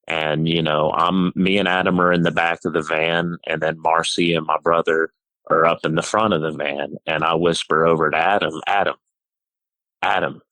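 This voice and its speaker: Middle-aged male caller, flat and low, rambling story full of fillers. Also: no room sound, rough recording. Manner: halting, full of "you know" and "uh". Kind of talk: telling a personal story.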